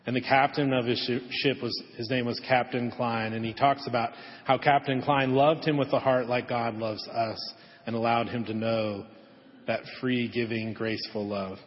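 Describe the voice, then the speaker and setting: A man preaching a sermon in a church sanctuary, telling a story gently and dropping to a soft hush on the key lines. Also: mid-range voice, steady tone, moderate pace. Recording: echoey hall, dull lo-fi audio.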